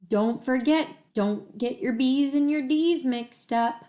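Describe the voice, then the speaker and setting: Woman teacher, slow clear word drills for young kids, higher voice, laptop mic at home. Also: a little mellow. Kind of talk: remote reading lesson for young children. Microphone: laptop computer mic.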